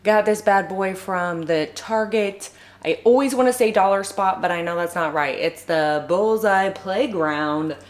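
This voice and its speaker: A woman talking casually to her viewers while she decorates, upbeat and chatty, thinking aloud as she goes. Her voice sits at a middle pitch and carries a roomy echo, picked up by a camera set back while she moves around. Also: unhurried. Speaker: home decor vlogger. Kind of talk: casual decorating vlog chat. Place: home living room by a fireplace.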